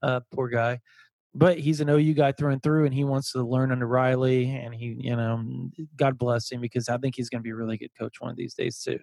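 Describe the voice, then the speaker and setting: A man's voice: mid-range voice, little pitch movement, fairly quick, creaky, darkish tone, no room sound. A man hosting a casual sports podcast, chatty and often repeating words as he laughs his way through a point. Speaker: podcast host.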